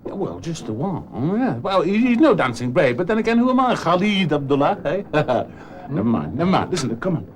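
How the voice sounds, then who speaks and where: A brash, boastful racehorse owner. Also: male voice, fairly high pitch, very animated, fairly quick, hardly any pauses, slight background noise. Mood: chummy. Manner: brash, chummy, jokey. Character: flashy self-made male racehorse owner, boastful. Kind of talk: 1990s TV drama acting.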